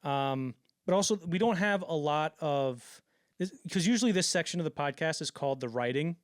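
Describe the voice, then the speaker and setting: A man hosts a podcast, telling stories in a casual, animated way with lots of swearing and restarts. His voice is on the high side at normal speed, and the recording is dry and studio quality.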